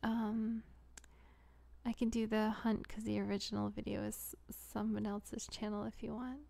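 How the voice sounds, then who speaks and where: A young adult woman hosting a casual live Q&A, giggly and rambling, often dropping into soft whispery asides. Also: medium pitch, little pitch movement, unhurried, gravelly. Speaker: audio creator hosting a live Q&A. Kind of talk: casual livestream chat.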